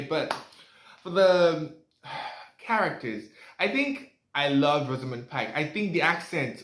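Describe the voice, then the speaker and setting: A man's voice: medium pitch, a bit bright. Chatty young man in an echoey room. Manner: rambling, chatty, lots of fillers and asides. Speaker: movie reviewer. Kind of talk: casual spoken movie review.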